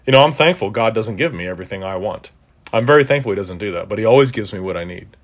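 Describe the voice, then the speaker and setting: A man's voice: lowish voice, animated, fast. A man preaching an expository sermon, earnest and conversational, with emphatic rises on key points.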